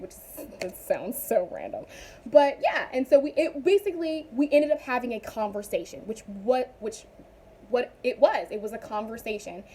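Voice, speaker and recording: A young woman chatting casually in a vlog, animated and rambling with frequent asides. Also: a little high. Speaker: vlogger.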